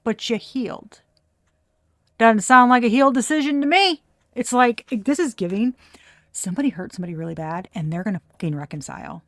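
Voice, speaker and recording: A woman's voice: fairly high pitch, animated, a little fast, no room sound. A woman giving a casual tarot reading, blunt and profane, breaking into laughter. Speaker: tarot reader.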